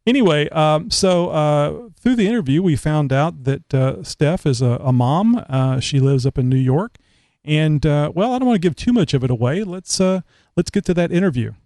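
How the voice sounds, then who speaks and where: A man from Houston with a Southern Texas accent, hosting a casual interview show and halting through many fillers. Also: fairly high pitch, animated, dark tone, dry recording. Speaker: talk show host.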